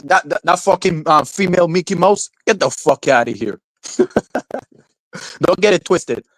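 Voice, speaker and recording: A man's voice: on the high side, animated, normal speed, fairly bright tone, no room sound, low-quality recording. A man streaming live, ranting in a rambling way, repeating words, filling gaps with "like" and "you know", swearing casually and laughing often. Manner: rambling, repeats words, heavy fillers like 'like' and 'you know'. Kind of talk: rambling livestream rant.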